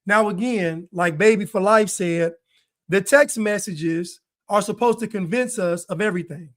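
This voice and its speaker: A man's voice: high-pitched, moderate pace, a bit bright. A man giving video commentary, hammering points with repeated rhetorical questions. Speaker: online commentator.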